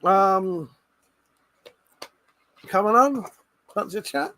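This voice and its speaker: A man with a high voice that swings widely runs a casual late-night livestream. He swears freely, laughs often and bickers with viewers about who is right. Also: expressive, slow pace, background noise. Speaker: livestream host.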